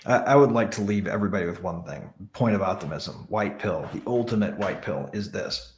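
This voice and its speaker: A man with a low voice talks bluntly and forcefully, swearing for emphasis. His voice carries a roomy echo, recorded in an echoey room. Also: a little fast, a little hiss or hum. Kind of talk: casual panel chat.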